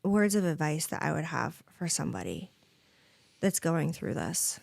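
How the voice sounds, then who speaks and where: A woman's voice: deep voice, sing-song, normal speed, vocal fry, a little mellow, no room sound, clean studio sound. A woman in her thirties, a podcast guest talking candidly and earnestly. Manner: earnest, heartfelt, frequent "you know" fillers. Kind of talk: candid conversation.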